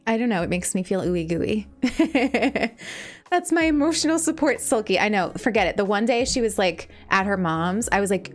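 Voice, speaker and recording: A young woman talks casually to her live-stream viewers in an average-pitched voice, gushing with emotion and breaking into laughter at herself. Faint music plays in the background. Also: lively intonation, moderate pace.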